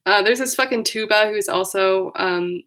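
A woman's voice: medium pitch, moderate pace, fairly bright tone, a little hiss or hum. A woman chatting casually as a podcast co-host, recapping a movie plot and laughing often.

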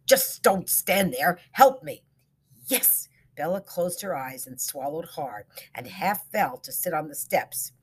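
A woman narrating a suspenseful short story in a hushed, dramatic reading. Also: fairly low pitch, slightly rough.

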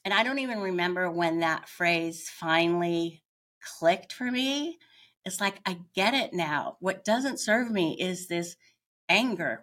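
A middle-aged woman, a podcast guest, telling her own story in a candid, reflective way and pausing often as she searches for words. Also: on the low side, a bit bright. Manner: candid, searching, with frequent pauses.

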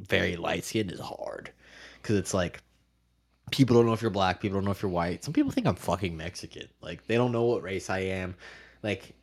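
A man's voice: sits low, creaky, slightly rough. A young man co-hosting a podcast, chatting loosely with lots of fillers, restarts and swearing. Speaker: podcast co-host. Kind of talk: casual chat.

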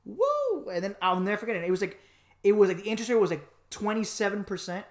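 A man from Miami telling a personal story in a casual podcast chat, animated and joking, with lots of fillers. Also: high-pitched, racing. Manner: animated, joking, acts out voices, many fillers. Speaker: podcast co-host.

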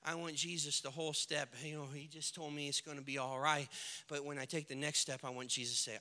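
A male pastor preaching a sermon, moving between quiet storytelling and loud, shouted declarations while acting out the people in the story. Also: a little high, fairly quick, big-room sound. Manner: swings from hushed storytelling to shouted preaching, acts out characters.

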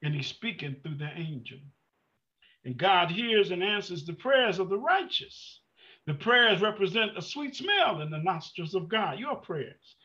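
Male preacher, high bright voice, swooping delivery, muffled lo-fi recording. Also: big pitch swings, a little slow. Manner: fervent, surges from hushed to shouting, repeats words. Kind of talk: sermon. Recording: muffled lo-fi sound.

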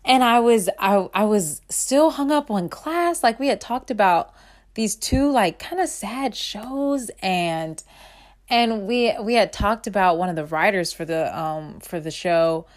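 A woman of about twenty reflecting on her life in an earnest, rambling way, full of fillers and restarts, her voice swinging between bright and hushed. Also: mid-range voice, animated, unhurried. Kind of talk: personal reflective monologue.

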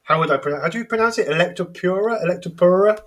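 A man's voice: a little high, expressive, racing, a bit bright. An English man hosting a casual music discussion, chatty and hesitant, laughing easily as he talks. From England. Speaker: podcast host.

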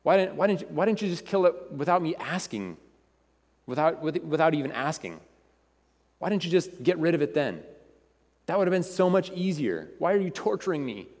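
A man's voice: fairly high pitch, expressive, darkish tone, big-room sound, pitched above the performer's own voice. A man putting on a whiny, frightened ghost. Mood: pleading. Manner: pleading, complaining, rapid questions.

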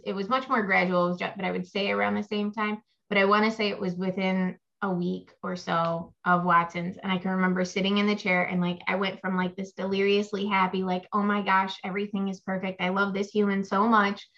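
A woman's voice: mid-range voice, level tone, fairly quick, creaky, few pauses, pushed and bright. A young woman, a mother, talking casually about her babies, rambling with fillers. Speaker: guest mom. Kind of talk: casual chat. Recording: slightly dull lo-fi audio.

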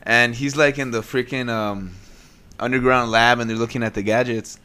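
A man's voice: mid-range voice, steady tone, moderate pace, sharp tone, clear, resonant tone. A man in his late twenties hosting a podcast from home, chatting casually, rambling and laughing often, recorded on a desk USB mic. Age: 20s. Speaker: podcast host. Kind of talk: casual chat. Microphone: desk USB microphone.

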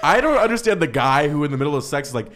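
A man's voice: fairly high pitch, sing-song, rapid-fire, a crowd in the background. A young man hosting a comedy podcast, chatting candidly and joking, with lots of fillers and trailing sentences. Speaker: podcast host. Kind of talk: casual comedic chat.

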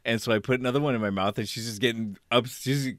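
A man's voice: mid-range voice, quick pace, fairly bright tone. A man casually telling a rambling, amused story on a podcast, acting out what people said. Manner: rambling, amused, acts out quoted lines. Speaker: podcast co-host.

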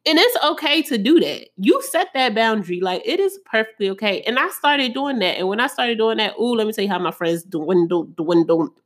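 A woman's voice: a little high, animated, a little fast, few pauses. A woman talking to camera about her own hard times, earnest and emotional, with lots of casual fillers. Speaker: vlogger sharing personal story. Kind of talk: candid personal talk to camera.

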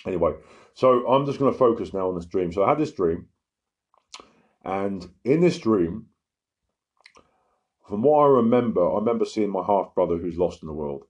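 A man's voice: low voice, animated, moderate pace, long pauses, a little mellow, muffled recording. A man preaching informally, earnest and emphatic, often checking in with listeners. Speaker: lay preacher giving testimony.

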